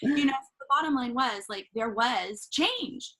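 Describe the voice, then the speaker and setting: A middle-aged woman from Southern California, a life coach guest on an interview show, telling a personal story in an animated, casual way, laughing often and acting out what others said. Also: a little high, unhurried, poor audio.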